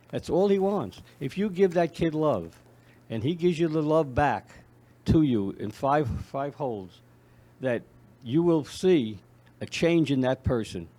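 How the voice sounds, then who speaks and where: A man who is a foundation founder, talking as a guest in a casual interview, halting and often repeating his words. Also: mid-range voice, warm tone. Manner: halting, repeats words when speaking freely. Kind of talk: conversational interview, reading poetry aloud.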